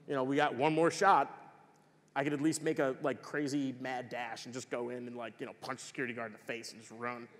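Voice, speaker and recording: Man telling profane war stories in a hall. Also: mid-range voice. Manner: animated, swearing freely. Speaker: conference speaker. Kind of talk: profane, casual storytelling talk. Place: large conference hall. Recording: long hall reverb.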